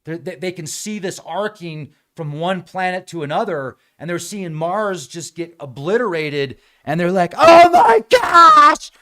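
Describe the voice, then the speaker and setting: Animated male livestream host. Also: fairly high pitch, unhurried, hardly any pauses. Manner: animated, acts out quoted voices. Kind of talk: casual livestream talk.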